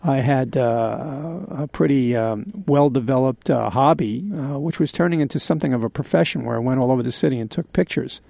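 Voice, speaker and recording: Gravelly man in his sixties, halting. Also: medium pitch, warm tone, no room sound. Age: 60s. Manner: halting, many pauses and fillers, candid. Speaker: radio show host. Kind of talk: confessional radio monologue.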